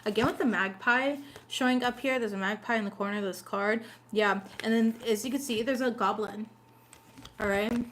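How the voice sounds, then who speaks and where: A woman doing a casual tarot reading in a chatty, blunt and sassy way, swearing freely and laughing often. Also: on the high side. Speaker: tarot reader.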